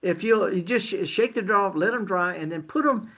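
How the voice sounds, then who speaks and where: An older man answers gardening questions on the radio in a blunt, down-to-earth way, often stopping and restarting. His voice runs fairly high for a man. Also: brisk, fairly bright tone. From Mississippi Delta. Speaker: gardening show host. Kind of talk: casual radio chat.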